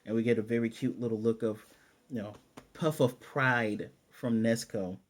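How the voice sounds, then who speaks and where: In a casual recap of an anime episode, a male reviewer speaks at a moderate pace in a medium-pitched voice. He narrates the scenes with excitement, frequently restarting and using fillers.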